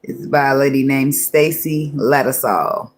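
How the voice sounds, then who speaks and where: A woman's voice: very deep voice, a little slow. A woman giving a casual tarot reading, talking loosely, laughing often and cursing freely as she thinks aloud. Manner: muses aloud, often restarting thoughts. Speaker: tarot reader.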